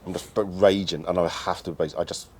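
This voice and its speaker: Deep-voiced fast-talking blunt man. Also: husky. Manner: blunt, animated, swears freely. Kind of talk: casual chat.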